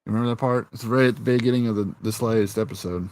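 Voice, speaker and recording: A man with a fairly low voice recounts scenes in a casual chat, swearing freely and laughing as he goes. His voice sounds close and dry, with no room around it. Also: rapid-fire, no echo. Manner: animated storyteller, swears freely, laughs often. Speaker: host.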